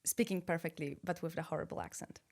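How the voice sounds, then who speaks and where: Chatty young woman, low-pitched. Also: fairly even intonation, fast talker, creaky, darkish tone. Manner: chatty, laughs often, many fillers and restarts. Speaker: guest. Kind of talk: casual interview chat.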